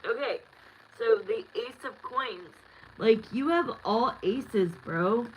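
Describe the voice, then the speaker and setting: A woman's voice: a little high, takes it slowly, a little hiss or hum, rough recording. A woman in her thirties giving a live tarot reading, talking candidly and bluntly with lots of fillers. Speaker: tarot reader.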